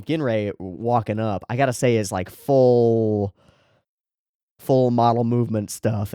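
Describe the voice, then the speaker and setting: A man's voice: mid-range voice, darkish tone, no room sound, clean studio sound. A man hosting an anime reaction show, talking through an episode in casual commentary, enthusiastic, swearing freely and often restarting his sentences.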